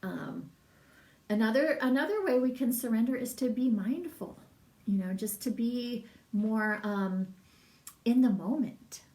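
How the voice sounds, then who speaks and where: A woman's voice: on the high side, animated, a little slow, warm tone, echoey room, distant mic. A middle-aged woman, a massage business coach, talking in a casual, rambling livestream and reading out viewer comments. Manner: chatty, rambling, laughs often, reads viewer comments.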